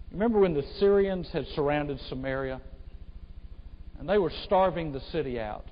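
A male pastor preaching an impassioned sermon, swinging between hushed and loud delivery. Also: mid-range voice. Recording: echoey hall, dull sound.

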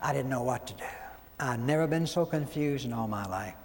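A man, preaching a sermon as folksy, animated storytelling and acting out quoted voices. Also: mid-range voice, a little fast. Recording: long hall reverb, faint background noise.

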